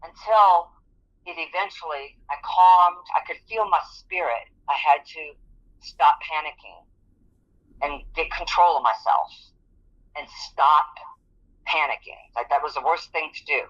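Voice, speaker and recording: As a guest in an interview, a woman with a deep, slightly bright voice gives unhurried personal testimony. Earnestly, she brings scenes to life by performing the quoted speech of others, captured on a rather dull, lo-fi recording.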